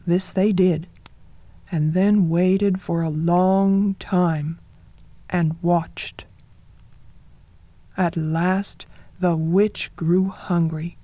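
A woman narrating a folktale in a soft, measured storytelling manner, sometimes dropping to a whisper. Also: lowish voice, steady tone, dry recording.

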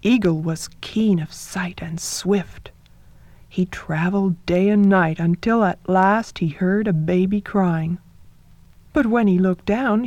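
A woman narrating a folktale in a soft, measured storytelling manner, sometimes dropping to a whisper. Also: mid-range voice, no echo.

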